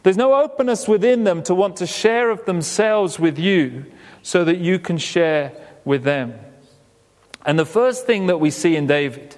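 A man preaches a sermon in a high, light voice. He talks conversationally, slipping into quoted voices and sinking low and soft to make a point. His words ring out with the long reverb of a church hall. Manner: conversational, acts out quoted voices, drops low and quiet for emphasis.

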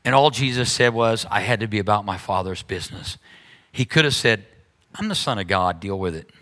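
A middle-aged man preaching a sermon as pastor, animated, with sudden high-pitched mocking asides. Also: a little fast.

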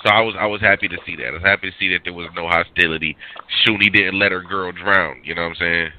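A man co-hosting a casual chat about battle rap, slangy and halting, stumbling over his words. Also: low-pitched, fairly even intonation, no room sound. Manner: slangy, halting, full of fillers and restarts. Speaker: podcast co-host. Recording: tinny phone-like line with faint hiss.

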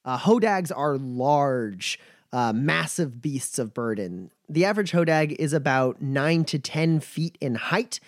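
A man narrating as game master in a tabletop game, halting with many fillers. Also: on the high side, animated, no room sound, clean studio sound.

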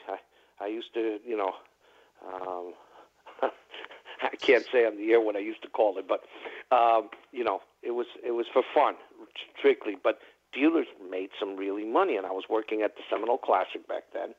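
A man calling into a radio talk show, telling a long story in a rambling, chatty way with many fillers. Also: fairly low pitch. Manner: rambling, chatty, full of "you know" fillers. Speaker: caller. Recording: tinny phone line.

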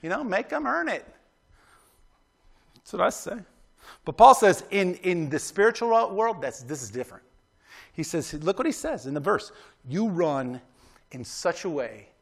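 A man delivers a sermon in a loose, chatty style, tossing "right?" out to his congregation between points. His voice sits notably high for a man. He pushes hard when he exhorts his listeners to try harder and train to win. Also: very animated, unhurried, gravelly, long pauses. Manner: conversational preaching with frequent "right?" asides; emphatic, exhorting. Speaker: pastor.

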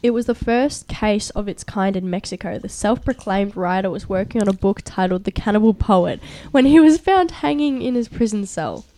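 A woman's voice: medium pitch, expressive, warm tone. A young woman co-hosting a casual chat podcast, reading articles aloud with stumbles and giggles. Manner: reads aloud haltingly with stumbles, chatty and giggly. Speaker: co-host.

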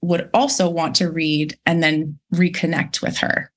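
A woman co-author in a casual interview, speaking reflectively with pauses and fillers. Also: sits low, little pitch movement. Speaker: co-author of a children's book series.

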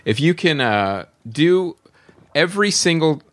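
A man's voice: fairly high pitch, big pitch swings, measured pace. A man hosting a casual film podcast, talking in a loose, rambling way full of filler words. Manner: rambling, heavy use of "like". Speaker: podcast host.

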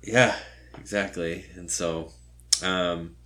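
A man's voice: deep voice, steady tone, takes it slowly, sharp tone. A man co-hosting a podcast, chatting casually and rambling with lots of fillers as he retells a show. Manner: rambling, filler-heavy retelling with playful quoted voices. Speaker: podcast co-host. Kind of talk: casual chat.

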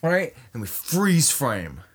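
Young guy, rambling, swearing, lots of "right?" and "like", mid pitch. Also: sing-song, slow pace, breathy edge. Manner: rambling, profane, full of "right?" and "like". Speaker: comedy sketch performer. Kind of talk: rambling casual pitch of a film idea.

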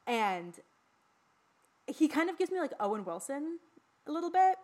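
A woman's voice: sits high, very animated, normal speed, a little mellow. A woman co-hosting a podcast, talking casually and swearing freely about a horror film. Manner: chatty, swears freely, lots of fillers. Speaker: podcast co-host.

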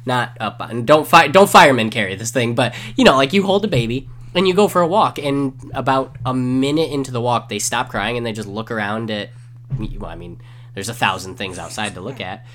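A man's voice: mid-range voice, a little fast, a little hiss or hum. A man co-hosting a casual chat, joking and acting out lines as he tells stories. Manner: joking and animated, acts out quoted lines.

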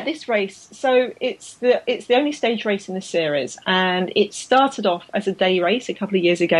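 A woman's voice: mid-range voice, low-quality recording. A woman from England, a guest on a casual cycling chat, teasing dryly and explaining races in detail. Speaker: guest co-host.

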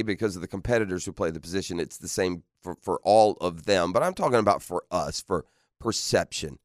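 A man's voice: fairly low pitch, no echo, studio quality. A man hosting sports radio in a casual, playful way, laughing often and firing off rhetorical questions. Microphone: studio microphone.

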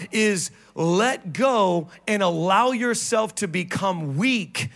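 A male pastor preaching a sermon on stage, animated and playful, with sudden drops into low, quiet emphasis. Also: slow pace, few pauses. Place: church stage.

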